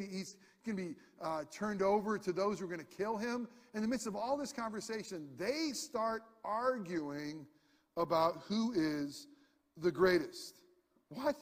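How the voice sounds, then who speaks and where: A man preaching a sermon in a lively, conversational way with self-deprecating humor, speaking to a congregation in a church. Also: high voice. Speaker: pastor. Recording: hall reverb.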